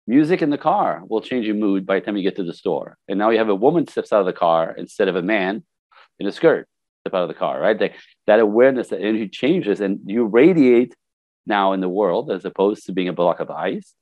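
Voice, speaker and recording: A man's voice: lowish voice, brisk, dry recording, highs cut off. An older man, a life coach, talking casually in an interview and acting out what people say to him. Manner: animated storyteller, acts out quotes. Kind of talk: conversational interview.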